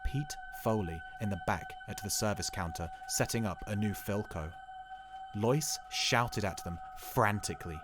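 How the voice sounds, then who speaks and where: A man narrating a short story in a measured, dramatic reading, over background music. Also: fairly low pitch, wildly swooping pitch.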